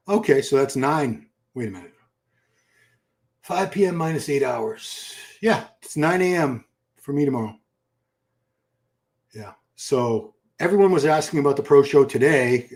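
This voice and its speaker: A middle-aged man hosting a live stream, chatting casually, thinking aloud and reacting to viewer comments. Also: mid-range voice. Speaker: livestream host. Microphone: computer mic for live stream.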